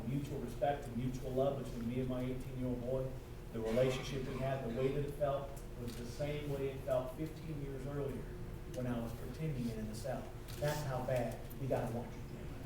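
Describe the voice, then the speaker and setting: A middle-aged man giving a live motivational speech, telling a personal story and building up to loud, fervent exhortation. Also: mid-range voice, fairly even intonation, a little fast. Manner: storytelling, swings from hushed to shouting. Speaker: motivational speaker. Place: conference hall with audience. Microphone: audience camera recording from afar. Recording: echoey hall from far off, noisy.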